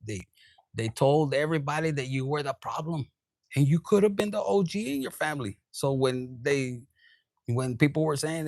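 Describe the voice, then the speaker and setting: A man giving a tarot reading, his voice sitting a little high and full of gravelly fry. He swears freely and switches between English and Spanish. The sound is dry and close. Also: moderate pace, no echo. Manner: profane, animated, switches into Spanish. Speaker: tarot reader.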